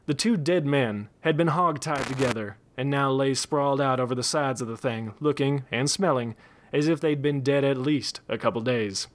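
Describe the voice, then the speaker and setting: A man reading a western story aloud in a relaxed storytelling manner. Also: medium pitch, normal speed, a little hiss or hum.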